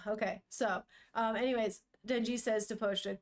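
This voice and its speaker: A woman's voice: mid-range voice, steady tone, moderate pace. A young woman on a casual live stream, reading a manga aloud, chatting with viewers, swearing freely and laughing often.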